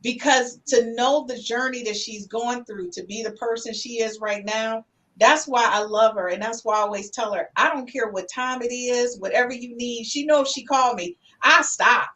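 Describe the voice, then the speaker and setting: High-voiced chatty woman podcast host. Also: normal speed, low-quality recording. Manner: warm, chatty, calls listeners "honey". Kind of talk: casual podcast talk, reading viewer comments.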